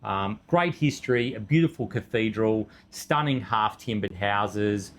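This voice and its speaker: Brief: easygoing middle-aged male co-host, lowish voice, faint room hum. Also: unhurried. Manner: relaxed, easygoing storytelling with fillers. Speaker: travel show co-host. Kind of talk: casual travel recap chat.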